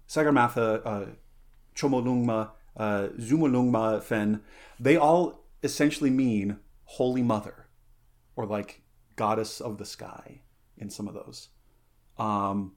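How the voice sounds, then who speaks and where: Rambling, playful male podcast host. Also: medium pitch. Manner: rambling, full of fillers and self-corrections; playful, goes off on tangents. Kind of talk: casual podcast chat.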